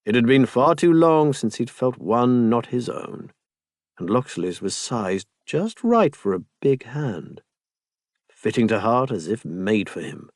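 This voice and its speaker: A man's voice: medium pitch, sing-song, unhurried, no echo. Male audiobook narrator, dry sound. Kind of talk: scripted narration.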